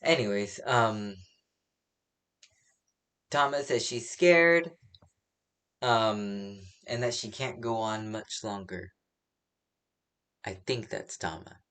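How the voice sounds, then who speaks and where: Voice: medium pitch, slow, long pauses, a bit bright. Comic chapter reviewer, casual recap, rambling, lots of fillers, self-correcting. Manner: rambling, many fillers, laughs at own slips. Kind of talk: casual spoken recap and opinion.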